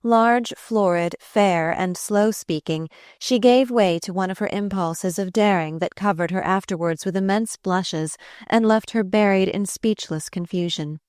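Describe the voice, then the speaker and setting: A woman narrating a historical novel in a measured, steady reading on a close microphone. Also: mid-range voice, clean tone, no echo. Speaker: audiobook narrator.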